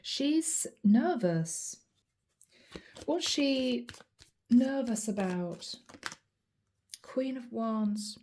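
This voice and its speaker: A woman's voice: a little high, lively intonation, very slow, long pauses, mellow, a little hiss or hum. A woman giving a channeled tarot reading, speaking earnestly and straight to the listener, often repeating her questions. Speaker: tarot reader.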